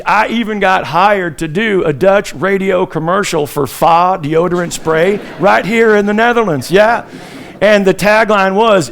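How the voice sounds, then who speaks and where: A male stand-up comedian from Chicago talks from the stage in a chatty, storytelling way, with a fairly high voice. He often laughs at his own lines. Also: moderate pace, gravelly, fairly bright tone.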